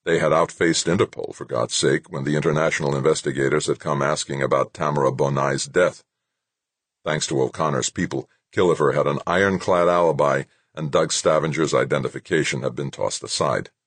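Very deep, husky male narrator. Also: fairly even intonation, a little fast, a bit bright, no room sound. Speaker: audiobook narrator. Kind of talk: scripted narration.

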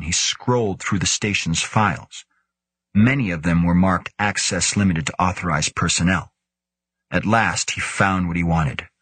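A man narrating a science-fiction audiobook in a measured, steady way. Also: low-pitched, slightly rough, no room sound. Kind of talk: scripted narration.

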